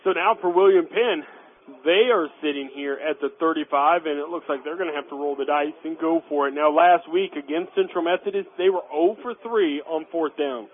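A man's voice: fairly high pitch, moderate pace. A man giving color commentary on a live college football radio broadcast, walking through what each play means. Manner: explanatory, breaks down each play. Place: press box at a stadium. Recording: tinny phone-line radio with faint noise.

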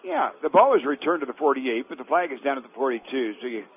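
A man's voice: mid-range voice, very animated, a little hiss or hum. A man calling live college football play-by-play from the press box, rising and stretching his words when a big play breaks. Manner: rises sharply and slows on big plays. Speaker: play-by-play announcer. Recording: tinny phone-line radio broadcast.

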